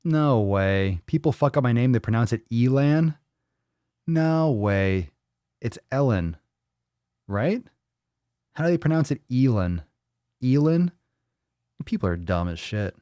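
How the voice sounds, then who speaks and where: A man's voice: mid-range voice, animated, measured pace, long pauses, warm tone, smooth, no room sound, clean studio sound. A man hosting a fitness live stream in casual chat, rambling and joking, with a lot of swearing. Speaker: fitness livestream host.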